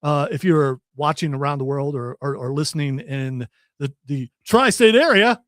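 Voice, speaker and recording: A man with a high voice hosts a local radio and stream show, chatting casually and cracking jokes. The sound is close and dry, straight from a studio mic. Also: moderate pace, fairly bright tone, no room sound. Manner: jokey, drops into silly put-on voices. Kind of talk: casual chat.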